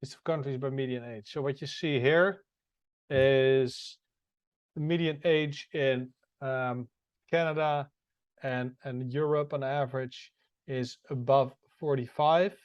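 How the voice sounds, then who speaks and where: Man, mid-pitched, relaxed co-host explaining over video call. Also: slow, clear, resonant tone, no echo, muffled recording. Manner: relaxed explaining, laughs often. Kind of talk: casual podcast chat.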